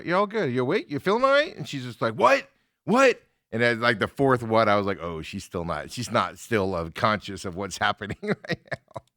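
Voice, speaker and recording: A man's voice: medium pitch, no echo. Middle-aged guy hosting sports talk, laughs a lot, dry close studio sound. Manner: animated storyteller, laughs often. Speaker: sports radio host. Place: radio studio.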